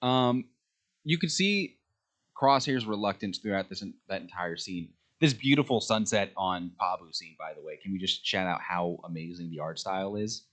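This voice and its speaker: A man co-hosting a podcast, chatting casually and excitedly about a show, with many ums. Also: low voice, moderate pace. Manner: enthusiastic fan talk with frequent fillers. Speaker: podcast co-host. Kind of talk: casual chat.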